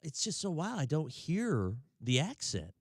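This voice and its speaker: A man's voice: fairly high pitch, huge pitch swings, a little slow, gravelly, no echo. Man, Southern accent, radio host, casual chatty storytelling, dry studio sound. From Tennessee, US. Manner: loose and chatty, laughs easily, trails off.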